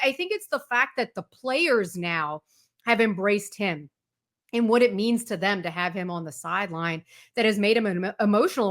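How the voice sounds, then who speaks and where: A woman sports reporter, a guest on a sports talk show, explaining in fluent detail and retelling anecdotes with energy. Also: medium pitch. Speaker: college football reporter, guest.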